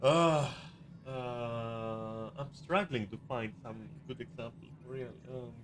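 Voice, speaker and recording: With a mid-range voice and a slow delivery, this man profanely and irritably vents about a video game, frequently starting his sentences over. Background noise can be heard; he's a gaming video creator.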